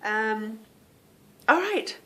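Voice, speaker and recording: A woman's voice: a little high, animated, very slow, sharp tone. A woman hosting a knitting podcast, chatting casually to viewers, rambling off on tangents and stumbling over unfamiliar names.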